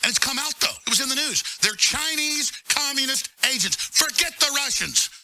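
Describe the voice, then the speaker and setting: A man hosting a talk show, ranting fast and emphatically with sudden loud bursts, faint music behind him. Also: very high-pitched, lively intonation. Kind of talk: heated political talk.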